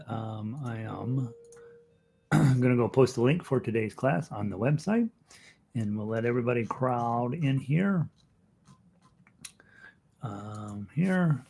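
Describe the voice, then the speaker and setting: A man's voice: mid-range voice, a little hiss or hum. Chatty man teaching ukulele online. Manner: chatty, joking asides to students; counts in and calls out notes while playing. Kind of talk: casual live-stream class.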